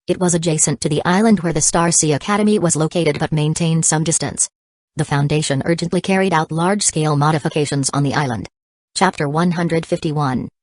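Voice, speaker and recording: A woman narrating an audiobook in an even, steady storytelling manner. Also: deep voice, no room sound.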